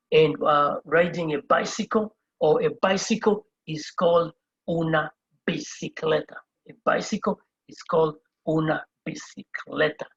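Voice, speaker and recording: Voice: mid-range voice, slightly rough, dull audio. A Spanish teacher giving a whiteboard lesson, patiently spelling out each word letter by letter and repeating every term. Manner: patient, explains step by step. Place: indoors at a whiteboard.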